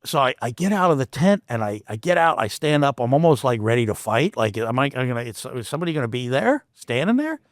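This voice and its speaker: A Canadian podcast host tells a personal story casually and animatedly, speaking fast at a medium pitch with few pauses. He often restarts sentences and drifts into asides, and the recording is dry and studio quality.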